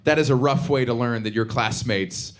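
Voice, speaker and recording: A young man from the Southern United States doing stand-up comedy, quick and animated, dropping into put-on voices for bits. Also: mid-range voice. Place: theater stage before a laughing audience. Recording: live show with clear audience noise.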